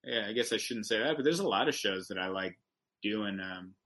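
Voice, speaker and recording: A man, a stand-up comedian, telling rambling, animated anecdotes as a guest on a podcast. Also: fairly low pitch, fairly quick, poor audio. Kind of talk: casual podcast storytelling.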